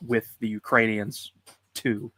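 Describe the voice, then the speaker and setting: A man's voice: on the low side, level tone, takes it slowly, a loud crowd. A man hosting a casual chat, prompting his guest with loose, hesitant questions. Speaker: host.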